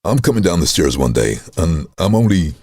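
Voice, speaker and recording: A middle-aged man, a voice-over artist, telling stories in a casual interview with a very deep chest voice, acting out quoted lines. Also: a little fast. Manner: animated storyteller, acts out voices.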